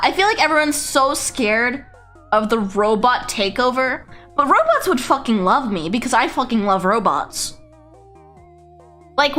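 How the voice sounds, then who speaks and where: A woman VTuber chatting on a casual livestream, rambling, excitable and swearing freely. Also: sits high. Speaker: VTuber streamer.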